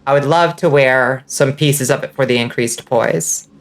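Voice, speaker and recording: A woman with a faint Southern accent and a slight lisp, giving casual gaming commentary while enunciating clearly. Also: extremely low pitch, moderate pace. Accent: subtle Southern US. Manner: clear enunciation, swears and laughs often. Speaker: vtuber streamer.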